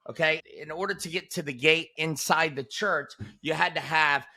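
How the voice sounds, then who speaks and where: Male interview guest in his 40s. Casual, animated storyteller with a brightish, forceful voice. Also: moderate pace. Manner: animated, punchy storyteller who drops "boom" for emphasis.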